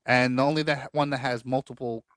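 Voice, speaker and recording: A man's voice: mid-range voice, fairly even intonation, brisk, fairly bright tone, dry recording, clean studio sound. A man hosting a casual quiz show podcast, joking and swearing as he reads out the questions. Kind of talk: casual game show chat.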